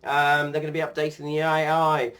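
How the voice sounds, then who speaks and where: A man with a fairly high-pitched voice talks loosely to his viewers. He rambles from topic to topic, often pausing and restarting. It sounds like an easygoing home vlog. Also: completely flat delivery, fairly bright tone. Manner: rambling, many ums and restarts. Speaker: sim racing YouTuber. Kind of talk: casual vlog chat.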